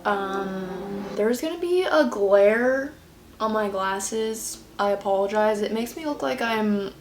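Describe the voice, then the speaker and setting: A woman's voice: mid-range voice, slow pace, reverberant, slight background noise. A young woman vlogging a casual update from home, chatty and rambling with lots of fillers, her nose a bit stuffy. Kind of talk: casual pregnancy update vlog. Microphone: camera at close range under a ring light.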